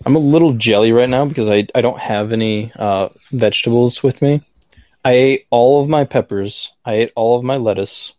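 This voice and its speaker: A man's voice: mid-range voice, moderate pace, darkish tone, no room sound, clean studio sound. An American man hosting a casual video-call chat, easygoing and chatty. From United States. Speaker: podcast host.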